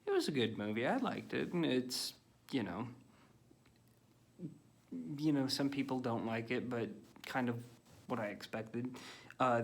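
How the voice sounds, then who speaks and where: A man talking casually through a list of films he watched, with a voice that is neither high nor low. He gives blunt, offhand verdicts and rambles, filling pauses with ums and likes. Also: fairly bright tone. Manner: rambling, blunt, filler-heavy opinions. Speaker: film reviewer. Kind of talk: casual movie-list vlog.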